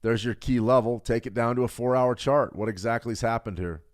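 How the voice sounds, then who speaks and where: A middle-aged man hosting a live trading stream, walking through charts quickly and joking with viewers in the chat. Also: mid-range voice. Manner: fast, animated, jokes with viewers. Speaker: trading show host. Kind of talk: live market analysis with chat replies.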